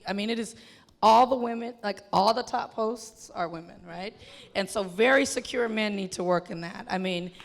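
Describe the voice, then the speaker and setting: Animated woman telling stories in a hall. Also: mid-range voice. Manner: animated, chatty storytelling with many fillers. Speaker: filmmaker guest. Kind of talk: onstage festival conversation. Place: film festival venue with an audience. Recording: long hall reverb.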